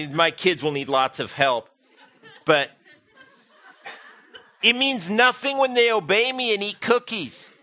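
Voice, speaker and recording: A man preaching a sermon as pastor, animated and humorous, acting out quoted voices. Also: sits high, slow pace, pauses often, a faint crowd.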